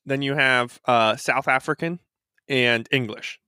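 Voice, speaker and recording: A man's voice: medium pitch, steady tone, unhurried, pushed and bright, clean tone, dry recording, studio quality. A man co-hosting a casual podcast chat, rambling and restarting his sentences while he looks for clips. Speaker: podcast co-host.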